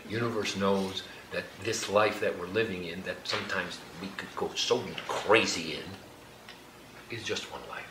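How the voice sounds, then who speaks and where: A man leading a group exercise in a hall, giving slow, gentle instructions with light laughter. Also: low-pitched, fairly even intonation. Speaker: workshop leader. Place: hall with an audience. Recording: echoey room, background noise.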